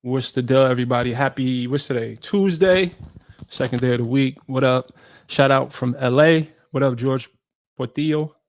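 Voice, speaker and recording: Medium in pitch and moderate in pace, a New York man runs a relaxed livestream Q&A as a fitness creator. He chats loosely in slang and greets his viewers by name.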